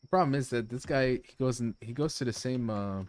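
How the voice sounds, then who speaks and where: A man streaming from home, telling a personal story to his chat in a casual, animated, profane way, full of restarts. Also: medium pitch, fairly quick, a little hiss or hum. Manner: animated, profane, lots of restarts and "you know".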